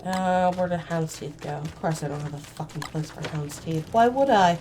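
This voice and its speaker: A woman commentating her own gameplay, swearing and yelling at the screen in sudden bursts, sometimes putting on a playful old-fashioned voice, on a cheap mic. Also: sits low, normal speed, noisy background. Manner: excitable, swears a lot, sudden outbursts. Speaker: gaming channel host. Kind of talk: solo game commentary. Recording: cheap mic, faint game music.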